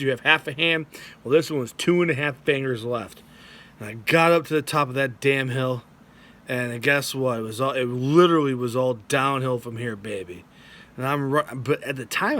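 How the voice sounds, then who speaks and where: A man telling a funny personal running story in a vlog, animated, cursing freely and acting out the quotes. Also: medium pitch. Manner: animated, swearing, voices his wife and himself in quotes. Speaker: vlogger. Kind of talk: comic storytelling.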